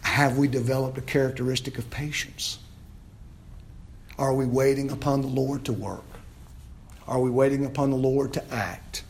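A man preaching an expository sermon as pastor, asking the congregation questions, repeating phrases and rising to loud, emphatic peaks. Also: medium pitch, fairly even intonation, moderate pace, pauses often, slight background noise.

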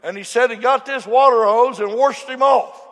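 A man, preaching a folksy storytelling sermon, swinging between shouts and low murmurs. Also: moderate pace. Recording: long hall reverb.

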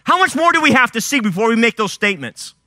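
High, lively male preacher firing questions at the crowd, bright edgy tone, dry close sound. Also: quick pace, no echo. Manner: fiery rhetorical questions, rising and dropping emphasis. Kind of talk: sermon.

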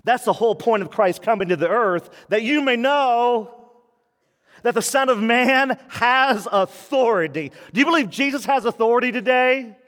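High-voiced guy preaching slow and animated, acts out the voices, big echoey hall. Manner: animated, acts out quoted voices, laughs often. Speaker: pastor. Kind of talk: sermon.

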